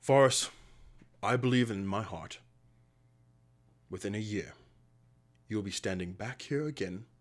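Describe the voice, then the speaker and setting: Cold disapproving aristocratic father played by a man, lower voice, measured and stern. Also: lightly acted. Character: stern wealthy middle-aged father.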